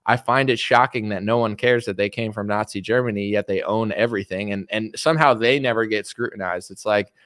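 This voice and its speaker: A man's voice: on the low side, steady tone, fairly quick, hardly any pauses, fairly bright tone, no echo, clean studio sound. Rambling, sarcastic young male streamer. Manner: rambling, sarcastic, filler-heavy. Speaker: livestream host. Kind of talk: casual livestream commentary.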